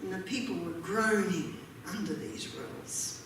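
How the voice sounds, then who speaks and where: A woman's voice: fairly low pitch, a little slow, noisy background. A woman preaching a sermon, reading scripture aloud and asking her audience rhetorical questions. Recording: echoey hall from a distance.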